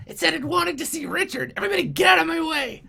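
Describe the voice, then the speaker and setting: A man voicing an excitable, self-important male goblin who carries a torch. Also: fast, gravelly, full character voice. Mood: bossy. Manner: squeaky, shouty, self-important.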